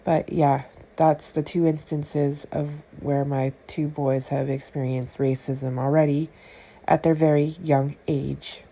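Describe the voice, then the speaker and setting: A woman vlogging, telling a personal story to her viewers in an indignant, animated way with quick asides. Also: sits low. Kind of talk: casual storytelling to camera.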